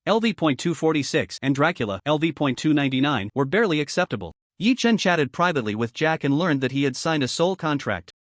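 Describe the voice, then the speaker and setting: Lively, higher-pitched male story narrator. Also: fast talker, hardly any pauses, no echo, clean studio sound. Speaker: recap narrator. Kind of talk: scripted narration.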